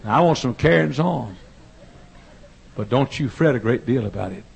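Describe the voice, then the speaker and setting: A man's voice: medium pitch, expressive, normal speed, creaky, darkish tone, slight background noise. A male pastor preaching a fervent revival sermon, folksy and humorous, building to impassioned pleading.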